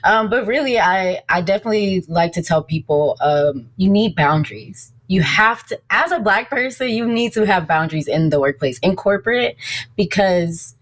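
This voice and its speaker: A woman's voice: medium pitch, lively intonation, normal speed. A woman therapist speaking in casual interview chat. She is direct and assertive and uses down-to-earth slang.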